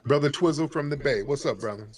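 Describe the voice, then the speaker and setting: A man hosts a live call-in talk show at a middle pitch. He talks emphatically and repeats his lines over and over to hammer each point home. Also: fast, breathy edge. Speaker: host.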